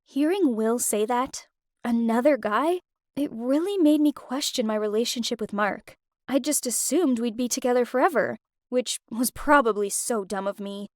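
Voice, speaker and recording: High-voiced woman narrating a story. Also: moderate pace, a little mellow, no echo, clean studio sound. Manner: emotive, with wide swings of expression.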